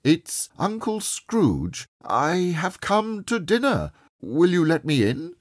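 A man voicing Scrooge, an elderly reformed miser, speaking eagerly and warmly in a storybook reading. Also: mid-range voice, very animated, unhurried, husky, no room sound, studio quality.

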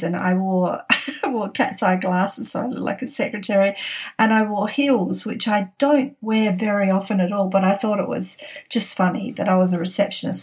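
A woman's voice: medium pitch, a little mellow. Chatty woman telling a funny story. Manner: chatty, laughs often while telling. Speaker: podcast host. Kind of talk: casual storytelling.

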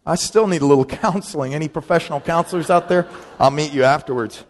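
Middle-aged pastor guy telling funny stories, voice a bit high, big echoey church hall. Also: fast. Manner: storytelling, animated, acts out quoted friends in a higher voice. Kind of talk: sermon with humorous stories. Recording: long reverb of a large hall.

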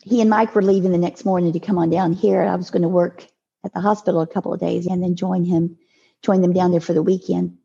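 An older woman telling a personal story as a podcast guest, in a halting way with restarts and repeated words. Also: lowish voice, little pitch movement, gravelly, mellow, husky, muffled recording. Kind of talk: emotional personal storytelling in an interview.

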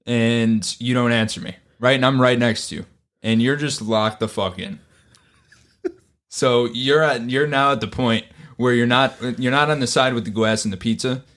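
Male co-host, casual podcast banter, animated storyteller, acts out dialogue, profane. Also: medium pitch, moderate pace. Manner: animated storyteller, acts out quotes, swears often. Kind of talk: casual chat.

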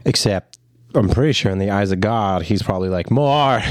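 A man's voice: low voice, dry recording, studio quality. A man co-hosting a podcast, joking and correcting details in casual chat. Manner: jokey, quick to correct others. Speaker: podcast co-host.

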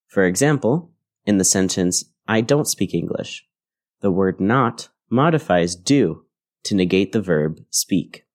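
Low-voiced male English teacher narrating a lesson. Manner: clear, measured explanatory delivery. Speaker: English teacher, podcast host.

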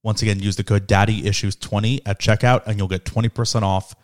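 A man's voice: on the low side, level tone, fast. A young man co-hosting a casual podcast, reading news items aloud and joking with his friends. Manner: reads news items aloud, jokes and laughs often. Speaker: podcast co-host. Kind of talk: casual chat.

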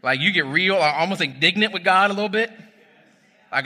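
A man in his thirties preaches from the pulpit, his voice very bright and ringing. He talks to the congregation like a friend, shifting between storytelling and exhortation. A long church-hall reverb trails his words. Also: high-pitched, brisk. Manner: storytelling, animated and conversational, addresses the crowd as y'all. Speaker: pastor. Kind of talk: sermon.

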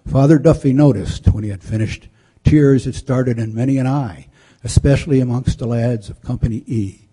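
A man narrates a historical story in a measured, solemn manner. His voice is deeply dark and mellow, with a husky grain. He reads steadily and sometimes trips over a word and repeats it. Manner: measured, solemn delivery with occasional slips.

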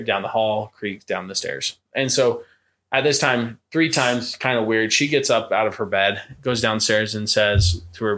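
A young man telling a ghost story in a relaxed podcast chat, with a fairly low voice. He acts out each quoted voice and the creaking steps with lively emphasis. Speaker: podcast co-host. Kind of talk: casual storytelling.

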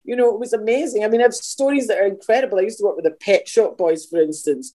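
A middle-aged Scottish woman, a singer, telling animated anecdotes as a guest, acting out other people's voices and swearing freely. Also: medium pitch, fast. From Scotland.

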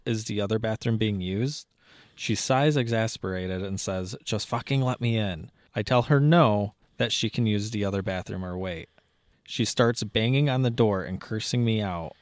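With a fairly low voice and clean studio sound free of any room echo, a male podcast co-host reads a post aloud on a casual show. He laughs a lot and gets animated whenever he reacts.

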